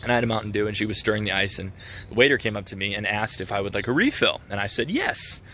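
A man's voice: lowish voice, steady tone, rapid-fire, pushed and bright, a little hiss or hum. A young man talking casually in a devotional vlog, earnest and self-reflective, with lots of fillers and restarts. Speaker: Christian vlogger.

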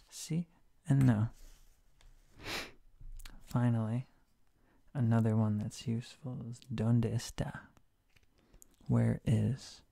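A man in a whispered role-play as a Spanish teacher, soft and sleepy, slipping in deadpan jokes, hoarse from a sore throat. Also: medium pitch. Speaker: streamer playing a Spanish teacher.

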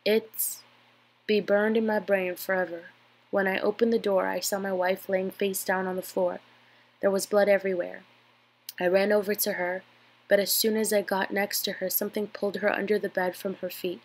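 Woman with a cold reading a creepy story, nasal, pretty monotone. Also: medium pitch, normal speed. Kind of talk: reading a scary story aloud.

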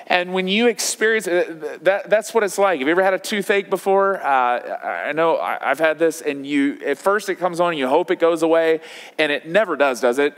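A man in his thirties preaches to his congregation, talking in a loose, conversational way, full of fillers and restarts. His voice sits a little high for a man. Long reverb from the church hall trails after his words. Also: fairly bright tone. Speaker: pastor. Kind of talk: sermon. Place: church auditorium.

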